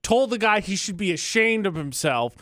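A high-pitched man trades sarcastic banter as a radio co-host, piling on mock outrage as he tells a story. His voice is close and dry, with no room sound behind it. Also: animated, normal speed, fairly bright tone, dry recording.

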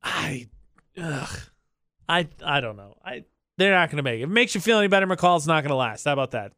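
A man with a high, smooth, clear voice banters casually as a radio co-host, heard dry and close on a studio mic. He talks in an animated way and slips into mocking voices to poke fun at people. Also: brisk, no echo.

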